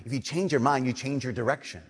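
A young adult man giving a sermon, telling animated stories and swinging between loud emphasis and soft, slow lines. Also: mid-range voice, husky. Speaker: Catholic priest. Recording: long reverb of a church.

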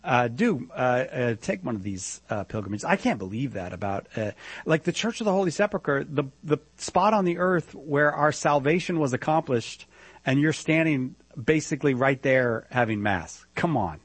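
A man's voice: mid-range voice, lively intonation, moderate pace, breathy edge, dry recording. A man hosting a radio talk show, enthusiastic and exclamatory, introducing callers and plugging trips. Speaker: radio host.

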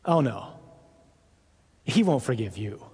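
A man's voice: medium pitch, very animated, slow pace, vocal fry, a little mellow, husky, voice pushed down, full character voice. A man putting on a coaxing devil's voice. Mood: mocking. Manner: wheedling, then sneering. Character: sly tempting male devil, coaxing then mocking. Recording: echoey hall.

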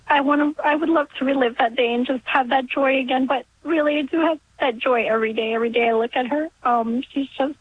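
A woman in her forties calling in from New York, emotional and halting, laughing through tears as she talks. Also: high voice, steady tone, a little hiss or hum. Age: 40s. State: crying. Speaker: caller. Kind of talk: emotional call-in sharing. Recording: tinny phone line.

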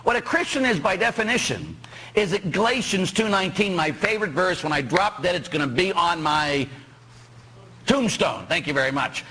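A middle-aged male priest from Pittsburgh delivers a sermon with a voice that swoops up and down and a slightly husky edge. His tone is bright and forward, and he keeps the congregation on its toes with jokes and quick questions. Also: high voice. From Pittsburgh, USA. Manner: animated, joking, quizzing the congregation. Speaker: parish priest.

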